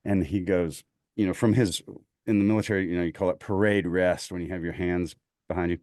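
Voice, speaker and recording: A man's voice: deep voice, fairly quick, no echo, studio quality. A man with a Southern US accent telling a war story in a casual podcast chat, acting out the voices of the people in it. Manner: animated storyteller, acts out quoted voices. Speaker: podcast guest, voice actor.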